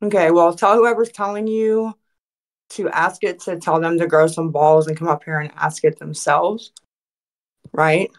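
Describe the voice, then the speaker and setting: A woman with a fairly low voice runs an online voice chat and takes callers one at a time. She talks casually, turns defensive when challenged and swears heavily when she gets angry. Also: steady tone, a little slow. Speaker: stream host taking callers.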